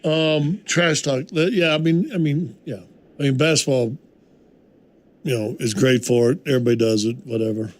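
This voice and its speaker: An older man who once played pro basketball, talking on sports radio in a halting way, full of restarts and "I mean". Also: mid-range voice. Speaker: former basketball player, co-host. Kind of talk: sports talk radio chat. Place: radio studio.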